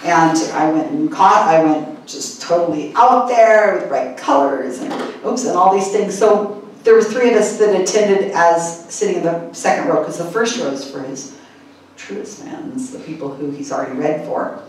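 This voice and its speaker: A woman speaker at a conference, telling an animated story and mimicking people in high squeaky voices, laughing often. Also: moderate pace. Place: conference hall. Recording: echoey hall, mic far off, faint room hum.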